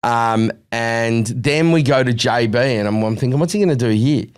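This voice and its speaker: A man's voice: mid-range voice, normal speed, clear, resonant tone. A middle-aged Australian man, a podcast co-host, telling a long story in casual chat and acting out the quotes. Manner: animated storytelling, acts out quotes.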